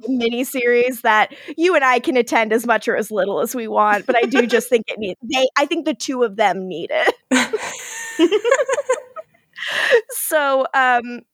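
A woman's voice: fairly high pitch, normal speed, no echo, clean studio sound. A woman co-hosting a podcast, animatedly retelling a TV episode and acting out the characters' lines with frequent laughter. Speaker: podcast co-host. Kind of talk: casual recap chat.

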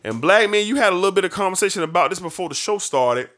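A man's voice: sits high, quick pace. A man hosting a sports talk show, talking about football in a casual, emphatic way full of slang. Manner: animated, emphatic, folksy slang.

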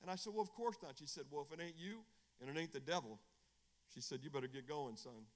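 A middle-aged man, an evangelist, preaching a testimony sermon, animated, swinging from hushed storytelling to shouting. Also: on the high side, quick pace, long reverb tail. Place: church.

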